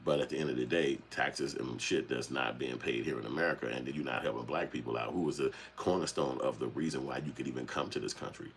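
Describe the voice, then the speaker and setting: A man hosting a casual livestream, talking with animated, profane energy and acting out the voices he quotes. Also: very deep voice, a little hiss or hum. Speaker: channel host.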